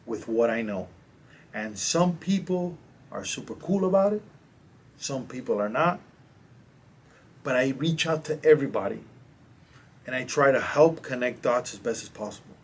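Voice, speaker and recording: A man, a coach, casually telling stories as a podcast guest, animated and slangy. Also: medium pitch, a little hiss or hum. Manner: animated, slangy, acts out quotes. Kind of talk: casual storytelling in a podcast interview.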